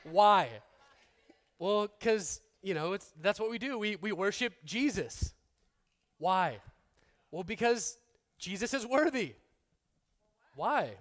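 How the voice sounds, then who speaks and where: This sermon comes from a thirtysomething pastor who keeps things conversational and full of jokes, restarting now and then and voicing quoted people more softly and lower.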